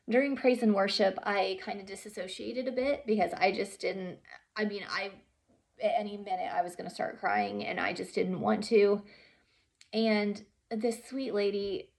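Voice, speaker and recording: A young woman talking earnestly and haltingly about her own experience, with many pauses and fillers and some softly whispered words. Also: medium pitch, creaky. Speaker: vlogger sharing her story. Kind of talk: emotional personal storytelling.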